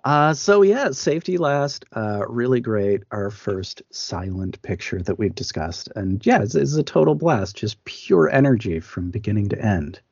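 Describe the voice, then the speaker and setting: A man's voice: lowish voice, lively intonation, a little slow, vocal fry, few pauses, darkish tone, breathy edge, no echo, lo-fi sound. A man co-hosting a podcast, chatting casually about films, with many fillers and restarts. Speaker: podcast co-host. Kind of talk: casual film discussion.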